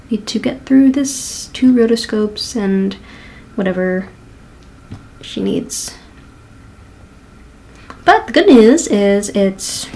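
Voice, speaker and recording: A woman's voice: mid-range voice, a little mellow, a little hiss or hum. A young adult woman talking candidly in a casual diary vlog, rambling with restarts as an animator at home. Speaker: animator vlogger.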